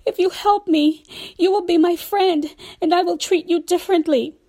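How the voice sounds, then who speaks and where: A woman's voice: extremely high pitch, steady tone, moderate pace, dark tone, pitched above the performer's own voice. A woman voicing a cunning male rattlesnake who begs to be carried to safety. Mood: pleading. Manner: begging, then hissing.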